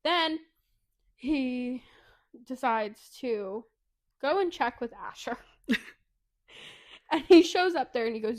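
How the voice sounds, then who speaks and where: A woman co-hosting a podcast, retelling a book plot fast and animatedly, with swearing. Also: sits high, a little mellow. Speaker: podcast co-host. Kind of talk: casual book recap.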